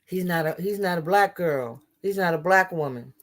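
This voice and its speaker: A woman's voice: lowish voice, moderate pace. A woman giving impassioned political commentary, blunt and profane, often restarting her sentences.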